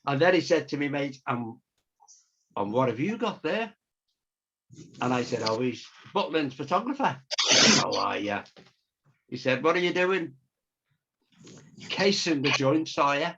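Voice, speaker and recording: A man's voice: fairly high pitch, big pitch swings, moderate pace, pauses often, noisy background. A man, an illustrator, telling a long chatty anecdote over a video call and acting out the voices of the people in it. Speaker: storyteller and illustrator. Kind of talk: casual storytelling on a video call. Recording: dull lo-fi video call audio.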